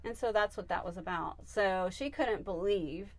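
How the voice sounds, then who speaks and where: A woman's voice: medium pitch, normal speed. A woman who is a psychic medium, telling a story as a guest in an interview and acting out the voices of the people in it. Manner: animated, acts out the voices in her stories.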